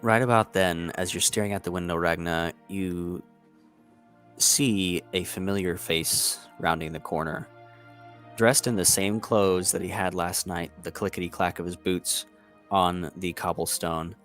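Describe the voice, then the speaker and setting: A man narrating a tabletop game as game master, relaxed and descriptive. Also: low voice, a little slow, soft background music.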